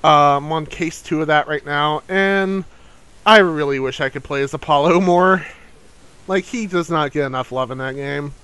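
High voiced guy hosting a gaming podcast, kinda hyper and jumpy. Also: normal speed, sharp tone, clear, resonant tone, low-quality recording. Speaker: show host. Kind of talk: casual podcast chat.

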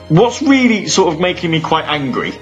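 A young man hosting a casual radio show alone, rambling with restarts and sighs and sudden animated bursts. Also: a little high, a little slow. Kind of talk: casual solo radio talk between music. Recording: slightly dull lo-fi audio with faint music.

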